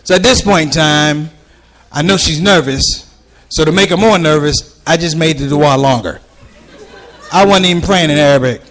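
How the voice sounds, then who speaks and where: A man's voice: fairly high pitch, normal speed, fairly bright tone, some chatter behind. A man performing a stand-up comedy routine on stage, telling stories animatedly and acting out the voices of the people in them. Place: ballroom stage before a live audience.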